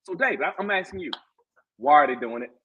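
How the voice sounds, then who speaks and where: A man's voice: a little high, quick pace, husky, lo-fi sound. A man talking football on a casual sports podcast as a guest co-host. He talks with passion and repeats himself to drive a point home. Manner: impassioned, animated, repeats himself for emphasis.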